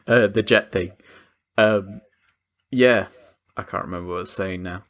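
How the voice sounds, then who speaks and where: A man's voice: fairly low pitch, unhurried, fairly bright tone. A man co-hosting a film podcast, loose and sweary, laughing and quoting characters as he talks. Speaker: podcast co-host. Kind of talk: casual film-review chat.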